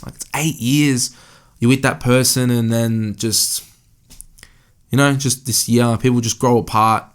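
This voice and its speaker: A man's voice: mid-range voice, fairly even intonation, a little slow, smooth. A young man hosting a solo podcast, talking candidly in a rambling way and swearing often. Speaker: podcast host. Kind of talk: casual solo podcast monologue. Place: indoor room.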